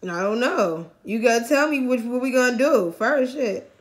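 A young woman from Massachusetts talks loosely to her followers on a phone held at arm's length. Her voice sits a little high, and her chat is full of slang, swearing and giggles. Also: expressive, normal speed. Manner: giggly, slangy, profane, talks straight to viewers. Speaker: vlogger. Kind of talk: casual chat on a video chat app.

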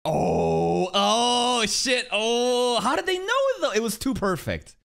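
An anime reaction streamer reacting live, excitable and foul-mouthed, with a voice that swings widely up and down. The pitch sits in the middle, and the talk keeps breaking into laughter. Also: slow, gravelly. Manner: excitable, profane, laughs often.

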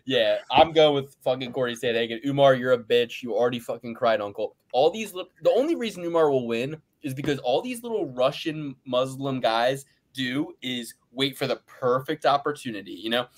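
A man co-hosting a podcast, ranting loudly and boastfully with big swings in pace and pitch and frequent laughter. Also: expressive, brisk, hardly any pauses. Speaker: podcast co-host. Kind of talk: profane ranting fight predictions.

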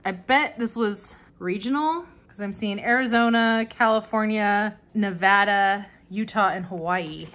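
A woman's voice: medium pitch, measured pace, few pauses, fairly bright tone. A young woman chatting casually as she flips through an old catalog, reading bits aloud and laughing often. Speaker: vlogger flipping through a vintage catalog.

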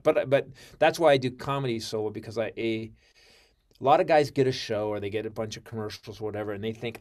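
A middle-aged male comedian telling a story as a podcast guest, profane, swinging between loud outbursts and low mutters. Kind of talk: animated storytelling.

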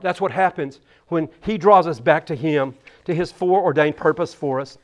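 A man's voice: fairly high pitch, moderate pace. A male pastor giving a conversational sermon, telling stories and often repeating words.

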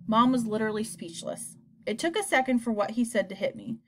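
Woman, audiobook narrator, lively pitch, fairly high voice, scripted first-person reading. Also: brisk.

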